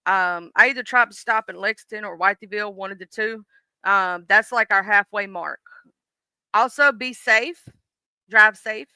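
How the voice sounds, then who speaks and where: A woman's voice: medium pitch, normal speed, pushed and bright, smooth, no echo. A woman with a Southern US accent hosting a live stream, chatting in a folksy way and answering her viewers by name. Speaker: livestream host. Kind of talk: casual chat reading viewer comments.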